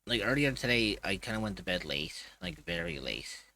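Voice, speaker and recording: A man's voice: sits low, animated, normal speed, pushed and bright. A man streaming live, chatting casually. He is tired and groggy, and he rambles loosely and swears now and then.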